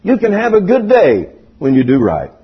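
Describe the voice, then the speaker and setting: A man's voice: wildly swooping pitch, moderate pace, breathy edge, lo-fi sound. An older man, preaching a sermon in a folksy storytelling way. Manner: folksy storytelling preaching with big pitch swings.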